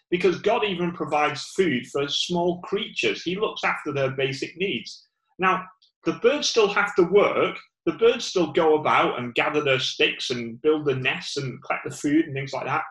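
A man's voice: fairly high pitch, a bit bright, echoey room, rough recording. A man with a Northern English accent giving an informal sermon, rambling with many fillers and restarts. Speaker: preacher.

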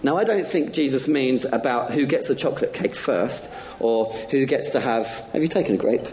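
A man's voice: mid-range voice, lively intonation, moderate pace, a little mellow, a little hiss or hum. A man giving a playful talk to children during a church service, asking them many questions. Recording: echoey church hall.

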